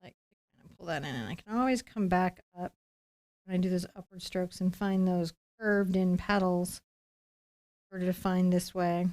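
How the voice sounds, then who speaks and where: A woman's voice: lowish voice, normal speed, a little mellow. Chatty woman teaching painting live. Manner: chatty and playful, talking while painting. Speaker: painting instructor. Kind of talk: live-streamed painting lesson.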